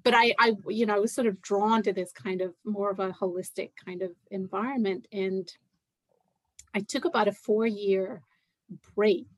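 A woman's voice: mid-range voice, steady tone, normal speed, no room sound. A middle-aged woman from Scotland who now sounds American, talking casually as an interview guest, hesitant with many fillers and restarts. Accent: American with Scottish roots. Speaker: guest, writer and massage therapist.

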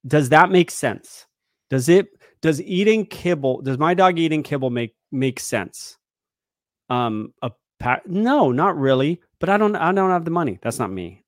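Man in his thirties, podcast co-host, animated and opinionated, dry close mic. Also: a little high, measured pace, dry recording. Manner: animated, opinionated, repeats words. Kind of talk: casual chat.

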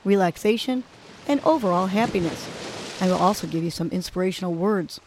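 A woman hosting a morning wellness podcast, guiding a breathing exercise and giving motivational words in a slow, soothing way. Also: lowish voice, background noise. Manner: slow, soothing counting, rising to upbeat urging. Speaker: podcast host. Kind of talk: guided breathing and motivational talk.

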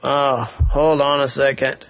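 A man's voice: mid-range voice, level tone, a little slow, dry recording, muffled recording, lightly acted. A father voicing a puzzled little boy in a bedtime story, asking hesitant questions in near his own voice.

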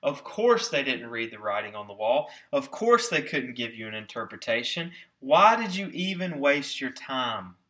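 A man's voice: medium pitch, very animated, moderate pace, few pauses, bright, forceful tone, recorded from a distance. A man preaching, putting on a sarcastic, incredulous voice of an exasperated skeptic scoffing at a king.

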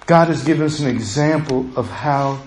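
A man's voice: medium pitch, moderate pace, a little mellow, echoey room, slight background noise, rough recording. A middle-aged man, a pastor, preaching a passionate sermon to his church that builds to urgent pleas.

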